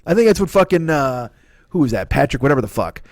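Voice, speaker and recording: A man's voice: mid-range voice, fast talker, dry recording, studio quality. A man in his fifties doing a rambling, profane comedic monologue as a podcast host. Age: 50s. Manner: profane, ranting, animated.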